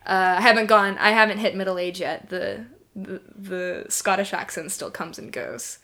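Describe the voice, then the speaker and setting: A woman's voice: medium pitch, normal speed, sharp tone. A woman in her twenties co-hosting a podcast, chatting playfully and breaking into giggles. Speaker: podcast co-host. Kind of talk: casual podcast banter.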